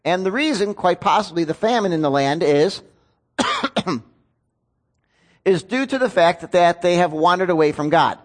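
High-voiced man preaching a sermon. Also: expressive, normal speed, long pauses. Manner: conversational, self-deprecating, asks the congregation questions. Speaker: pastor.

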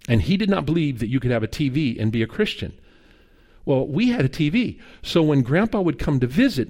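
A man's voice: medium pitch, darkish tone. A middle-aged man preaching a sermon as a pastor, telling stories with humor and acted dialogue. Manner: conversational storytelling with humor and quoted dialogue.

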